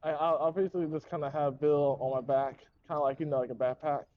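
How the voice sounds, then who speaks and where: A man's voice: fairly high pitch, steady tone, quick pace, phone-quality sound. A man playing a tabletop game who trips over his words and repeats himself. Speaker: player. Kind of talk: casual tabletop play.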